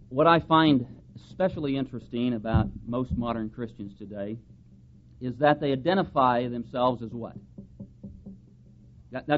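A man preaching a sermon, reading scripture aloud and pressing his points with strong rises in emphasis. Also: fairly high pitch. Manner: emphatic, rising and falling for stress, reads scripture aloud. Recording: dull lo-fi sound with faint background hiss.

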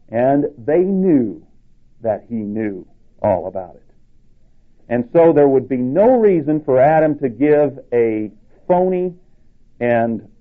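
A man preaching a sermon with emphatic delivery, rising in pitch to stress his points. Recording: tinny phone-like sound.

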